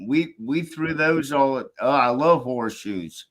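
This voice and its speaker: Slow, bright-voiced easygoing man. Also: mid-range voice. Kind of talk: casual group chat.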